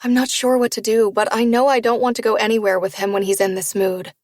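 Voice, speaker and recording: A woman narrating a first-person romance novel in a steady storytelling read. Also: a little high, quick pace, no echo, clean studio sound. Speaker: audiobook narrator.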